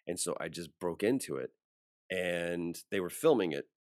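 Male voice actor, deep and dry-miked, a relaxed interview guest who brings his anecdotes to life. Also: moderate pace, no echo. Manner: animated storyteller acting out quoted voices. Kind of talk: casual interview storytelling.

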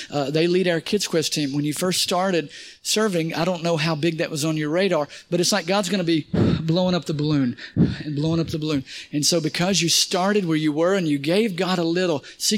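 A man preaching a sermon as pastor, emphatic, with rising shouts and folksy asides. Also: fairly high pitch.

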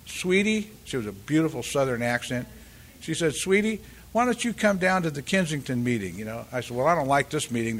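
An older man giving a halting, rambling personal share at a recovery meeting, full of restarts and "you know," and acting out the voices of the people in his story. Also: medium pitch, a little hiss or hum. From California, US. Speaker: speaker sharing at a recovery meeting.

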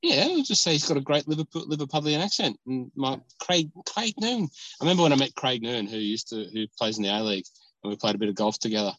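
A man's voice: medium pitch, very fast, a bit bright, dull audio. Rambling joking man in a car. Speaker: podcast host. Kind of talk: casual chat. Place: parked car.

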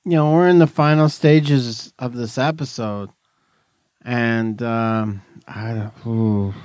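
A man's voice: mid-range voice, slow pace, dry recording. Ranting casual podcast guy, dry sound. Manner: animated, mocking rants with profanity. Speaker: podcast co-host. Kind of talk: casual chat.

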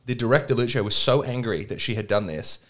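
Man telling lively film-shoot anecdotes. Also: mid-range voice, fast talker. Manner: lively anecdotes with acted-out quotes. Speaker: podcast guest, producer. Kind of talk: casual chat, animated storytelling.

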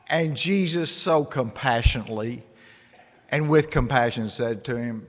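A man's voice: mid-range voice, measured pace. Male pastor preaching in a church, earnest with emphatic peaks, long hall reverb. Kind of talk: sermon. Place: church sanctuary.

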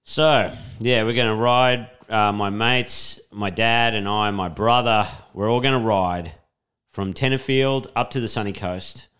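A man's voice: lowish voice, steady tone, measured pace, a bit bright, smooth. A young Australian man co-hosting a podcast, easygoing and encouraging, laughing often. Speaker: podcast co-host. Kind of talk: casual chat.

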